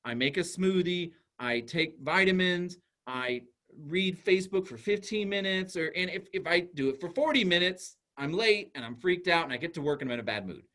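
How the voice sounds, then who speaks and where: A man's voice: sits high, lively intonation, normal speed, pushed and bright. A man, a school psychologist, giving an informal, conversational talk to parents and acting out little dialogues as he goes.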